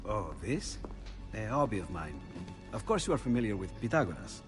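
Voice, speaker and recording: An actor playing an older Renaissance inventor, gentle, musing and absent-minded. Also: male voice, on the low side, very animated, moderate pace, over music. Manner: gentle, musing, enthusiastic about his research.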